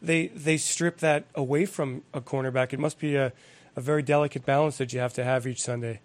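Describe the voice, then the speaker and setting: A man's voice: medium pitch, fairly even intonation, a little fast, no echo. A man hosting a studio sports interview, upbeat and laughing along with his guest. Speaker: interview host.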